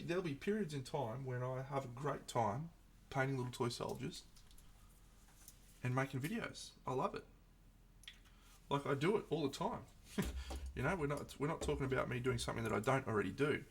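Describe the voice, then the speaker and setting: Male streamer, gravelly voice, casual rambling chat, faint background hiss. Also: mid-range voice, fairly quick. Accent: Australian. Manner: reflective, rambling, frequent restarts. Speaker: streamer painting miniatures.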